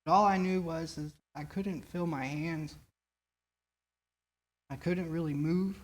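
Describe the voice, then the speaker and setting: A man's voice: on the high side, fairly even intonation. Man with a raised voice giving testimony. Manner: earnest, halting storytelling with frequent restarts. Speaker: church member giving his recovery testimony. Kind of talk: personal testimony at a recovery meeting.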